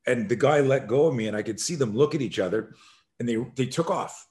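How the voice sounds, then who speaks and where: A man's voice: medium pitch, brisk, a little mellow. A man, a self-defense expert, telling a story as a podcast guest and acting out the scenes with animation.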